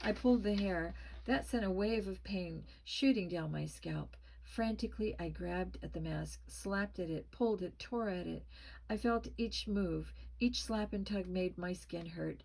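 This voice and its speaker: A woman narrating a spooky children's story with a tense, expressive reading. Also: fairly low pitch, unhurried, vocal fry, rough recording. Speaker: storybook reader.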